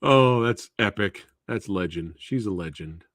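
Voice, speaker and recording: Male streamer, relaxed and chatty with viewers; low pitch that swings a lot, dry room. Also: unhurried, no echo. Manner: laid-back, answering viewers by name. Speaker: live stream host. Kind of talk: casual live Q&A chat.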